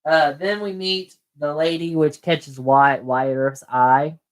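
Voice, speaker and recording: A man's voice: a little high, steady tone, slow pace. A man casually retelling a movie scene, acting out the characters' lines as he goes. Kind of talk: casual film recap chat.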